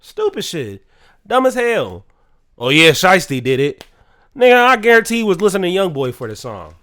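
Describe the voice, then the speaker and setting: A man's voice: high voice, very animated, moderate pace, fairly bright tone. A man hosting his own podcast, ranting solo in a profane, incredulous commentary. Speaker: podcast host.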